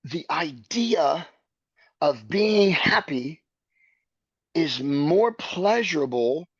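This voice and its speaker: A man with a gravelly, creaky voice talks in an earnest, searching way, stacking his thoughts one step at a time. The recording sounds a little dull and lo-fi, dry, with no room echo. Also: fairly high pitch, sing-song, drawn-out words, fairly bright tone. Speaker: podcast guest. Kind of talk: reflective conversation.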